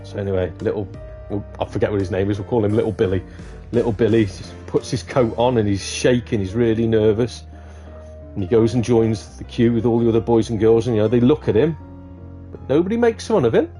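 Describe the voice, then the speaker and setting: A man's voice: lowish voice, brisk, warm tone, faint music behind. A man streaming a game, chatting casually and telling a long joke with laughs. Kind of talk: casual storytelling chat.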